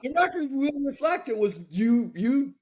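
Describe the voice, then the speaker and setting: A man's voice: extremely high pitch, very animated, normal speed. A man co-hosting a podcast in casual chat, rambling and teasing.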